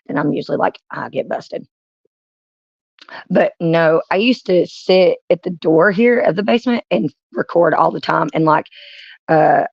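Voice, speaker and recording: A woman's voice: on the low side, vocal fry, dry recording, muffled recording. A woman streamer telling rambling stories in casual chat, often breaking into laughs. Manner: rambling anecdotes with frequent laughs.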